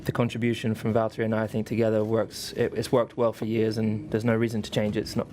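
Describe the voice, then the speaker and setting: A racing driver answering press questions earnestly, repeating words for emphasis. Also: male voice, lowish voice, completely flat delivery, quick pace, background noise.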